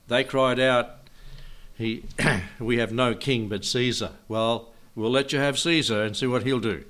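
A man's voice: mid-range voice, measured pace, a bit bright. An older man preaching a Bible teaching sermon in a folksy way, chuckling often and asking his listeners questions.

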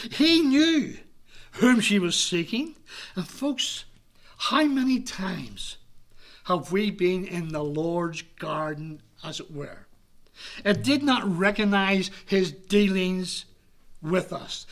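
A man preaching a sermon in an earnest, measured way, sometimes dropping to a near-whisper. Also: high-pitched, sharp tone.

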